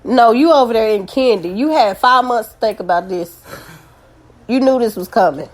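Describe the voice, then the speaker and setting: A woman's voice: on the high side, animated, moderate pace. Woman host, laughing through grief. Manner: joking while holding back tears; casual, rambling, self-correcting. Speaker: podcast host. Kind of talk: casual podcast chat.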